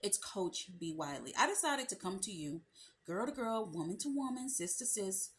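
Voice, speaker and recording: A woman's voice: medium pitch, animated, moderate pace, slight background noise. Sassy woman dating coach talking to camera. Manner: sassy, emphatic, colloquial, addresses viewer as sis. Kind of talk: direct-to-camera advice talk.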